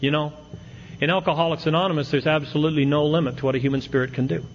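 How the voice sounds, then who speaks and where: A man's voice: on the high side, fairly even intonation, racing. A middle-aged man telling a self-mocking recovery story to a meeting, with wry humor. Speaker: AA speaker. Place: meeting hall with audience. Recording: dull lo-fi tape with faint hiss.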